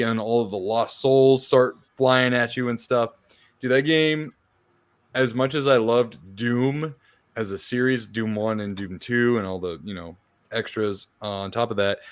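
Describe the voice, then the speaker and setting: A laid-back man on a gaming podcast, chatting casually and swearing freely as he gets excited. His voice sits at an ordinary male pitch. The recording is dry and close. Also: a little slow, no echo. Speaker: podcast co-host. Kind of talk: casual chat.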